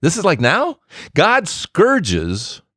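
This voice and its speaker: A man hosting a Catholic faith talk who tells stories in an animated, joking way. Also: a little high, drawn-out words, no echo, clean studio sound. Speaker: Catholic speaker and podcast host.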